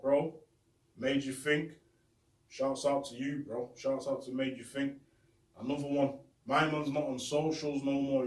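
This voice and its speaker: Young man, roomy distant phone audio. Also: medium pitch. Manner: street slang, repetitive, heartfelt. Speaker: show host. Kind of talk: casual shout-out monologue. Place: bedroom. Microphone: phone camera.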